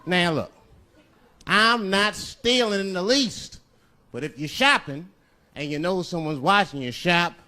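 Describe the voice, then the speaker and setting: This male stand-up has a high, expressive, sharp-toned voice with a long reverb tail. Performing live on a comedy stage, he tells stories loosely and draws out each punchline, while crowd noise and laughter fill the recording.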